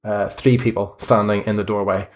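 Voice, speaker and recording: A man narrating a tabletop game as game master, talking in a halting way with many fillers and restarts. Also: on the low side, level tone.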